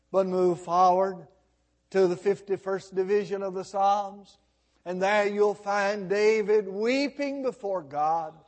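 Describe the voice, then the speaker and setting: A man preaching a sermon as pastor, slow and dramatic, his voice swelling loud and then dropping almost to a hush. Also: high voice.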